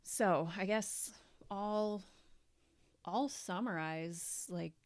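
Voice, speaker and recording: A woman co-hosting a casual podcast chat, talking in an animated, chatty way and acting out what people say. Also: mid-range voice, drawn-out words. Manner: chatty, animated, acts out quoted voices. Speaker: podcast co-host.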